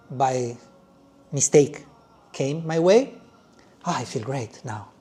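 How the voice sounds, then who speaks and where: A male yoga teacher leading a class in an animated way, with halting phrasing and frequent "yes?" check-ins. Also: a little high. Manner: loose, halting phrasing with restarts.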